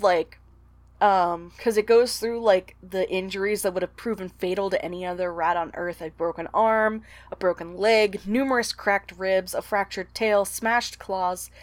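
A woman's voice: mid-range voice, moderate pace, no echo. A woman co-hosting a casual book discussion podcast, talking bluntly, swearing freely and reading passages aloud. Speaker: podcast co-host.

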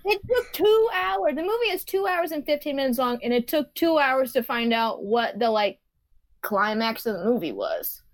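A woman's voice: high-pitched, animated, moderate pace, no room sound. A woman in casual chat, bluntly giving strong opinions.

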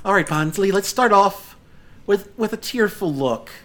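A man's voice: high voice, animated, unhurried, fairly bright tone, voice pushed up. A man voicing a young female trainer who gives coaxing commands to her Pokémon.

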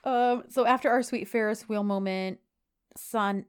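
A woman's voice: a little high, steady tone, unhurried, clear, resonant tone. A woman co-hosting a podcast, recapping a TV episode in casual chat, telling it with emotive exasperation and lots of fillers. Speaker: podcast co-host.

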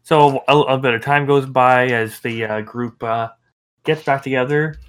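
A man running a tabletop game as game master, narrating with halting pauses and fillers. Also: mid-range voice, steady tone, a bit bright.

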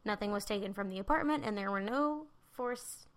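Woman podcast host, gravelly fry in her voice, reading her case notes, pretty casual with lots of ums. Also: mid-range voice, a little fast. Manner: casual, hesitant with fillers over names. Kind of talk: casual chat, reading a rewritten article.

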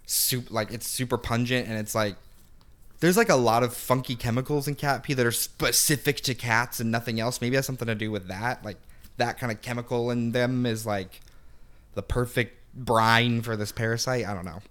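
A man's voice: medium pitch, normal speed, a bit bright. A man co-hosting a podcast in casual chat, jokey and rambling, filling his speech with "like". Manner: jokey, rambling, heavy use of "like". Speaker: podcast co-host.

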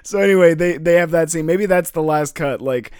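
A man's voice: a little high, brisk, darkish tone, clear, resonant tone, dry recording, clean studio sound. A man co-hosting an improvised comedy podcast, riffing, laughing often and acting out scenes. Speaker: podcast co-host.

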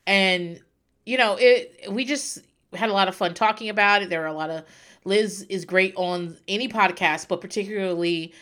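A woman's voice: mid-range voice, moderate pace, a bit bright. A woman in her thirties, a podcast host, telling a personal story in a casual, chatty way, with lots of fillers and restarts. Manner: chatty, tearful-then-laughing storyteller with frequent fillers.

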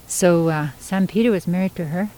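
A woman storyteller from Yukon, Canada, telling a traditional story in an unhurried, conversational way with pauses and asides. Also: fairly low pitch, warm tone, poor audio. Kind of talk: oral storytelling.

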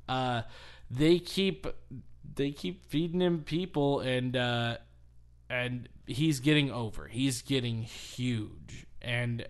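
A man's voice: mid-range voice, takes it slowly. Chatty man rambling through a story. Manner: rambling storyteller, restarts, laughs often. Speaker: podcast co-host. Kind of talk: casual wrestling story chat.

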